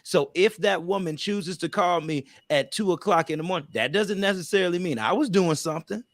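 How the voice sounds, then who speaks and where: A man's voice: high-pitched, fairly quick, dry recording, clean studio sound. A man co-hosting a casual relationship panel discussion, emphatic and preachy, with loose vernacular speech. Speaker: podcast co-host.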